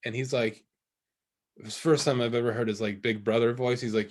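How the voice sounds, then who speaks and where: Young adult man, podcast co-host, rambling anecdotal delivery at a mid pitch, lots of fillers and restarts. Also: fairly even intonation, fairly quick. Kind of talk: casual chat.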